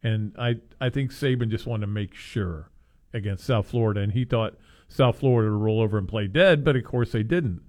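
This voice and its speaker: A man's voice: fairly low pitch, a little fast, a little mellow. A man co-hosting a sports talk show, rambling casually and chuckling as he interrupts himself. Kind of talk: casual sports radio chat.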